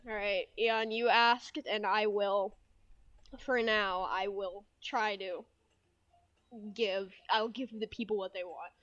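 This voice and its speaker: A woman's voice: medium pitch, steady tone, takes it slowly, a bit bright, dry recording, highs cut off. A young woman in her twenties streaming a game, giggly, self-mocking and prone to swearing.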